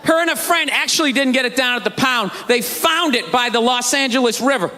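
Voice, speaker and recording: A man in his forties tears through a stand-up bit with mock outrage, his voice high and sharp. He bursts into shouts now and then. It is recorded live in a reverberant theater, with a faint audience underneath. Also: animated, a little fast. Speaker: stand-up comedian. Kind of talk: stand-up routine. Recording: live hall with crowd laughter.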